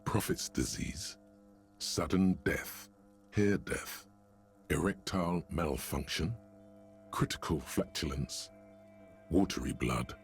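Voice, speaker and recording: A man voicing a wry game narrator, reading grim lists in a dry, deadpan way with a gravelly voice. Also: very deep voice, takes it slowly, long pauses, soft background music.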